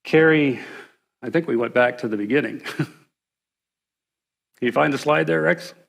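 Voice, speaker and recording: A man's voice: medium pitch, moderate pace, vocal fry, fairly bright tone. Male guest preacher, mid voice, jokey asides, church reverb. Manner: joking, self-deprecating asides. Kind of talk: sermon. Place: church sanctuary.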